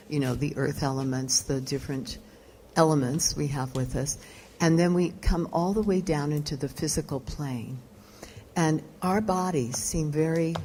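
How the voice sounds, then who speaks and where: A woman with a low voice gives a live yoga lecture to an audience. She explains terms and stops to put questions to the room. A faint noise sits under the recording. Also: darkish tone. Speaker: yoga teacher giving a lecture.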